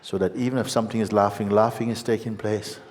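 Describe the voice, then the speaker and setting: A man giving a satsang teaching as a spiritual teacher, gentle and unhurried, often breaking into laughter. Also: lowish voice, steady tone. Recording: long hall reverb with faint ambience.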